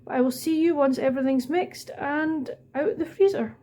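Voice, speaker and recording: A woman from the Scottish Highlands whose accent colours every word, with a voice pitched a little high. She talks candidly and chattily, as if to friends at her kitchen table, whether she is reviewing a book or baking. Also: moderate pace, background noise. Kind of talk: casual book review and cooking chat.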